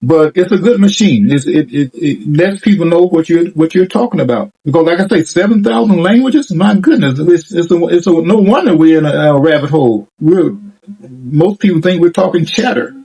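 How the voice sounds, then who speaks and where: A man's voice: on the high side, animated, normal speed, warm tone, husky, rough recording. An older man giving a reflective, rambling monologue with frequent repetition and restarts. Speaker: commentator.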